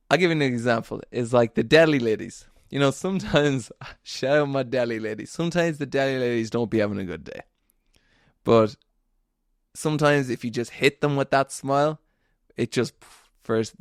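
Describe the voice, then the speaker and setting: With a medium-pitched, slightly gravelly voice, a podcast host shares a story in a casual monologue, sincere and motivational but laced with jokes at his own expense. The recording is dry and close, free of room echo.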